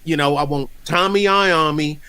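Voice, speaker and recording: A man in his fifties from North Carolina, hosting a casual chat and telling stories in an animated, rambling way with frequent laughter. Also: on the high side, normal speed, smooth. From North Carolina, USA. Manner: rambling, animated storyteller who laughs often. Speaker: podcast host.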